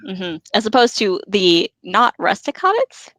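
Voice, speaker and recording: A woman's voice: medium pitch, very animated, measured pace, fairly bright tone, no echo, rough recording. A woman co-hosting a podcast, reading a book aloud and breaking off into giggly, joking chat.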